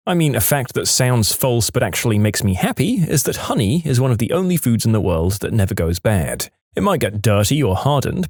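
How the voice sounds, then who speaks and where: A man hosting a podcast, reading online posts aloud in an animated way and dropping wry asides between them. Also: mid-range voice, no echo, studio quality.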